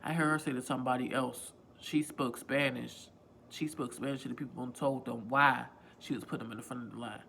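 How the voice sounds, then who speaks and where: A man's voice: medium pitch, fairly even intonation, a little fast, gravelly, sharp tone, a little hiss or hum. A man vlogging a casual storytime on a phone, rambling, repeating himself and swearing freely. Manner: rambling, profane, self-repeating.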